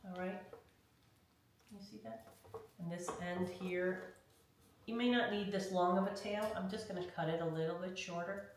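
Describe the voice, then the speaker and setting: A woman's voice: lowish voice, fairly even intonation, normal speed, pauses often. A woman leading a hands-on craft tutorial, talking through each step in a chatty way and often checking in with "okay?". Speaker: craft instructor. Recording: very echoey room, mic far off, faint noise.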